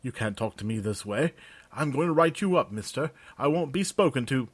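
A man's voice: medium pitch, animated, normal speed, husky, voice pushed up. A man voicing a fussy, self-important male bureaucrat who complains indignantly in a raised, strained voice. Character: fussy pompous male bureaucrat, middle-aged.

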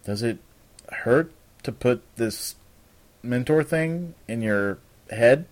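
A man's voice: mid-range voice, lively intonation, slow. Man voicing a cheeky young woman adventurer. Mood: teasing. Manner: teasing, cheeky.

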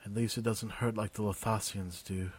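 A man's voice: fairly low pitch, fairly even intonation, moderate pace, breathy edge. A man voicing a wounded young woman scout who speaks faintly and sleepily with dry teasing.

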